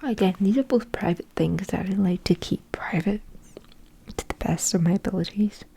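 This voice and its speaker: A young woman whispering a soft, musing ASMR ramble into a close microphone, thinking aloud with lots of fillers. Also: mid-range voice, moderate pace, creaky, a little hiss or hum. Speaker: ASMR creator.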